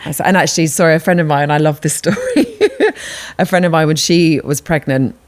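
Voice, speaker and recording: A British woman with a notably low voice, chatting as a podcast co-host. She tells stories with lively energy, acts out the quoted lines and laughs often. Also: brisk. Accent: British English. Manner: animated storyteller who acts out quoted dialogue and laughs often. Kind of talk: casual chat.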